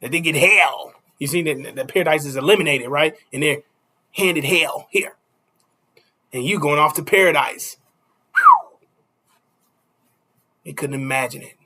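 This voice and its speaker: A man's voice: a little high, moderate pace, sharp tone, breathy edge. A man preaching a casual street sermon, stopping often to ask "you see?" and chuckling between points.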